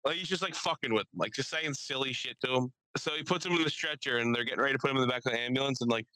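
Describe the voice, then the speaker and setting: A young man co-hosting a podcast, telling a story and acting out the people in it with lively voice changes. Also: mid-range voice, racing, no room sound, rough recording. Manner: animated, acts out quotes in shifting voices. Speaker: podcast co-host. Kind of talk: casual storytelling chat. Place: studio.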